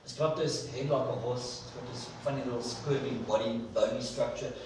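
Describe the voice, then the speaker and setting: A man's voice: mid-range voice, steady tone, normal speed, darkish tone, a little hiss or hum. A man preaching an enthusiastic sermon in a church, repeating words for emphasis. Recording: echoey church hall from far off.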